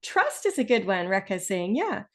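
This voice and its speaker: A woman instructor teaching a live test-prep webinar over a video call, explaining patiently and stressing key words with deliberate pauses. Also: mid-range voice, very animated.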